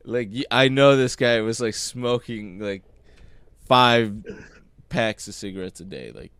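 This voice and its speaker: A man's voice: medium pitch, measured pace, fairly bright tone, clear, resonant tone, no room sound. A young man co-hosting a podcast, chatting casually and making laid-back remarks. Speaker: podcast co-host. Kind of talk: casual chat.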